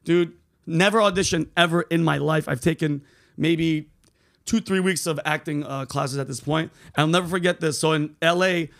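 A man hosting a casual podcast, telling stories in a profane, animated way, full of bro and dude. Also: on the high side, normal speed, vocal fry. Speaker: host.

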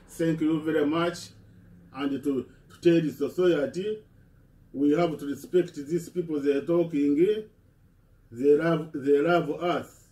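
Slow, halting man speaking from a distance. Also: on the high side, dark tone. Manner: halting, repeats words and restarts. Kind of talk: impassioned speech. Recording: echoey room, voice from a distance.

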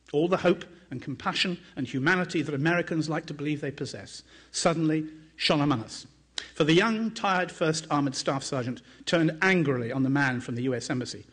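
A man reads passages from his own book aloud, his voice somewhat high for a man and noticeably husky. He takes a measured, dramatic pace and lifts his pitch whenever he voices a quoted line. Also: a bit bright. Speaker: author and journalist.

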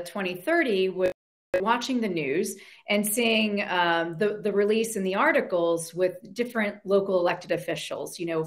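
A woman moderating a conference panel, upbeat and friendly, with fillers. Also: fairly low pitch.

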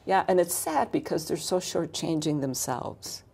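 A woman's voice: low-pitched, lively intonation, unhurried, creaky, mellow, slightly rough. A woman, a coach and author, explaining her ideas as an interview guest, building points with lists of questions.

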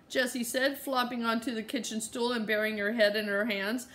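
A woman who reads a children's novel aloud in a relaxed, conversational way, after recapping the last chapter with many fillers. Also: on the high side, moderate pace.

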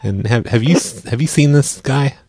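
A man hosting a live radio show and making prank phone calls, speaking deadpan and often stumbling over his words. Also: medium pitch, moderate pace, crowd noise. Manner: deadpan, stammers and repeats words. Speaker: prank-call radio host.

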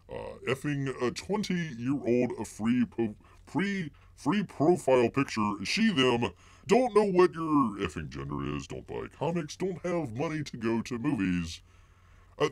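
A man hosting a rambling live-stream commentary, his pitch leaping and dropping all over the place. He mocks his targets, stumbles through constant filler words and refers to himself in the third person. The sound is close and dry. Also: no echo. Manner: heavy filler words and restarts.

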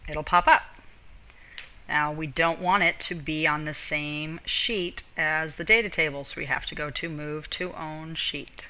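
A woman's voice: sits low, steady tone, unhurried, pushed and bright, poor audio. A teacher, a woman, giving a step-by-step screen-recorded tutorial and speaking directly to her students.

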